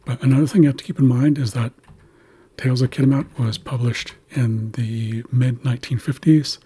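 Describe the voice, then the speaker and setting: Man, very breathy and husky voice, mid pitch; patient language teacher who sounds out words syllable by syllable. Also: steady tone, moderate pace, warm tone. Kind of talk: explaining pronunciation of an Indigenous language.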